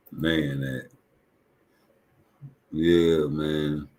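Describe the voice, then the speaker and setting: A man's voice: a bass voice, level tone, very slow, dark tone. A man ranting casually on a live stream, profane, rambling and repeating himself.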